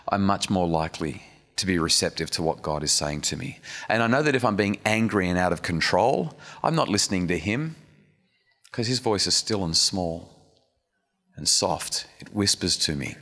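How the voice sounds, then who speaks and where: A man's voice: sits low, fairly bright tone. A man preaching a sermon in a church hall, earnest and conversational, with restarts and asides to the audience. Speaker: speaker giving a church message. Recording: long reverb of a hall.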